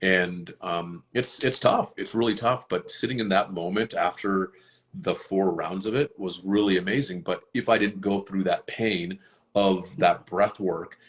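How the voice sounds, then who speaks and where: A man chatting casually on a live stream, earnest and rambling, with many fillers and restarts. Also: low voice. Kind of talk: casual chat.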